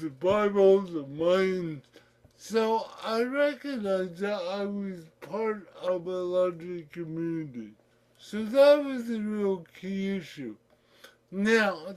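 A middle-aged man telling his own story in slow, effortful speech shaped by cerebral palsy, candid and reflective. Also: high voice, animated. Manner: candid, reflective, breaks into laughter. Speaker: podcast guest. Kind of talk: personal storytelling.

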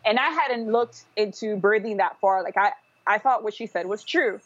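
A woman's voice: mid-range voice, moderate pace, fairly bright tone. A woman telling her own story as a podcast guest, rambling with fillers and restarts. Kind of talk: casual personal storytelling. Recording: dull, dry podcast audio.

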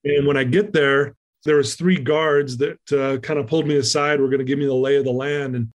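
A man telling a personal story in a conversation, lively and acting out the lines of people he quotes. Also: medium pitch, brisk. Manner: animated, acts out quoted lines. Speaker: guest speaker.

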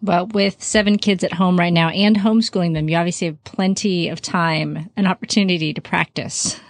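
A woman host with a lowish voice warmly affirms her guest and asks thoughtful follow-up questions. Her sound is dry and close. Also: steady tone, a little fast, no room sound. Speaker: interviewer host. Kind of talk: conversational interview.

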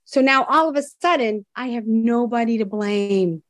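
A woman's voice: fairly high pitch, normal speed, no room sound. Blunt, emphatic woman guest, dry close mic. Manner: emphatic and blunt, with frequent restarts. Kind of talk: candid conversational storytelling.

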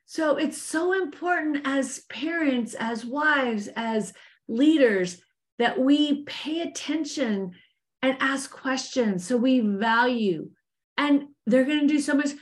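Middle-aged woman, business coach, faith-based leadership talk, earnest and lively, slightly high voice. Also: slow. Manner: earnest, animated, addresses listeners as ladies. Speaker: business coach teaching women.

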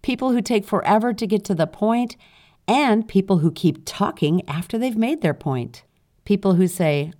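A woman's voice: on the low side, animated, normal speed, mellow. A woman hosting a solo podcast about voice and speaking, talking conversationally and reading out listener comments with playful emphasis. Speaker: podcast host and voice coach. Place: studio.

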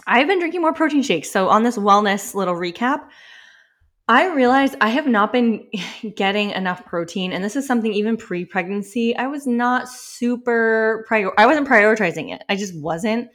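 A woman's voice: on the high side, animated, normal speed, a bit bright. A woman in her thirties hosting a casual solo podcast, chatty and full of "like" fillers, laughing often and a little winded. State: slightly winded. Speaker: podcast host.

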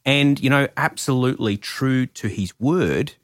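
Male podcast host in his forties with a mid-pitched voice, recorded dry and close. He tells stories with lively energy, his voice leaping up when he gets excited. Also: a little slow, no room sound. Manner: animated storyteller, pitch jumps when excited. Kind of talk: casual podcast chat.

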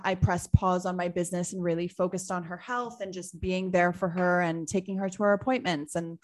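A woman in her thirties from Trinidad, speaking in a thoughtful interview with many pauses as she searches for words. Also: mid-range voice. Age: 30s. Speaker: guest, business owner. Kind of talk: reflective interview answer.

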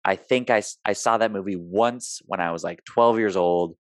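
A man's voice: low-pitched, normal speed, no room sound. A man hosting a podcast interview, talking casually and restarting his sentences as he searches for words. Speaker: podcast host. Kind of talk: conversational interview.

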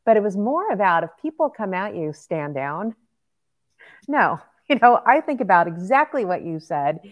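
A woman's voice: mid-range voice, big pitch swings, moderate pace. A woman hosting a podcast, talking in a casual, chatty way with lots of "right?" and "like". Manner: chatty, agreeing, many fillers like "right?". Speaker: podcast host.

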